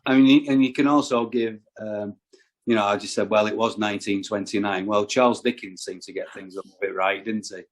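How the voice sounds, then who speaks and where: A man's voice: lowish voice, steady tone, a little fast. A man on a podcast as a guest, talking casually and hesitantly, often stumbling and repeating words. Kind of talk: casual chat.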